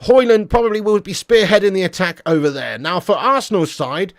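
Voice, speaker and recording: A man's voice: sits high, brisk, no room sound, clean studio sound. A man hosting a live-stream fan chat, talking in casual, slangy banter with the odd swear word. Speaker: football channel host.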